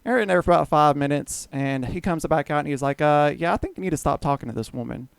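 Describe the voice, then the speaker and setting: A man's voice: on the high side, quick pace, vocal fry, clear, resonant tone, no room sound. A man casually telling a long story on a podcast, swearing freely and acting out what others said. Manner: rambling, profane, acts out quoted dialogue. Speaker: guest storyteller.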